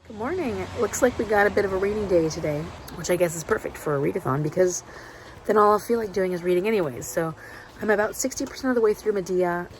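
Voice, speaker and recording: A young adult woman with a lowish voice chats casually to camera as a book vlogger. She sounds tired, laughs often and retells things loosely with restarts, and there's a slight hiss or hum.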